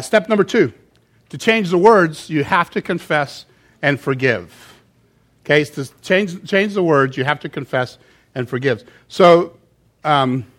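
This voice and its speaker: A pastor with a medium-pitched, fairly bright voice preaches to his church congregation conversationally. He keeps checking in with "okay?", acts out quotes, and now and then drifts away from the microphone.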